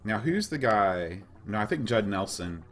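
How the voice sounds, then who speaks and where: A middle-aged man with a very low, raspy voice that sounds hoarse, as if he is fighting a cough. He rambles easily through casual gameplay chat on a retro gaming podcast, explaining things as he plays. Faint game music runs underneath. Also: big pitch swings, unhurried, fairly bright tone.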